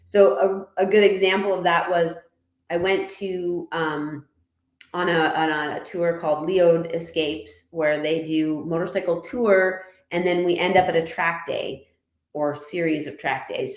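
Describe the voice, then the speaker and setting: Woman from Canada, lowish voice, animated storyteller, echoey room. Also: a little slow. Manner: animated storyteller, laughs often, voices others in her anecdotes. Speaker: guest, former motorcycle racer and writer. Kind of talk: casual podcast storytelling.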